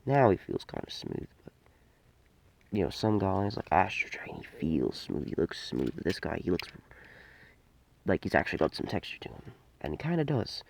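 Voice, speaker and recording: Low gravelly man rambling through a review. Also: big pitch swings, moderate pace, a little hiss or hum. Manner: rambling, hesitant, many fillers and restarts. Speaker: toy reviewer. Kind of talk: casual unscripted toy review.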